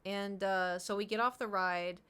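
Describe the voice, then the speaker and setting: A young woman chatting to her stream viewers, spinning a rambling story. She acts out the people in it and keeps restarting her sentences. Her voice sits at an ordinary middle pitch. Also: moderate pace, clear, resonant tone. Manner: animated, acts out quotes of friends, rambling with restarts. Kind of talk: casual storytelling to chat.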